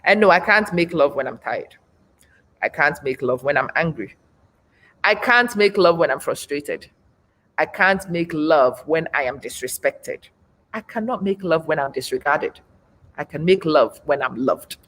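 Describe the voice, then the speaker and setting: A woman's voice: low-pitched, lively intonation, a little slow, fairly bright tone. A woman in her forties hosting a live stream, speaking bluntly and emphatically, repeating her points for effect. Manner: blunt, frank. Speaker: host. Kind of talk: live-stream talk, reading viewer comments.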